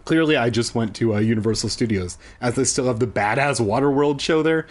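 A man's voice: medium pitch, a little fast, a little hiss or hum. A man reading a children's book aloud for comedy, with sarcastic, profane asides. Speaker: comedic reader.

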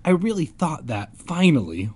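A man reading aloud as a sad, tearful girl with gray skin, pleading in a husky voice. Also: a little high, very animated, moderate pace, darkish tone, voice pushed up. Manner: pleading, quivering.

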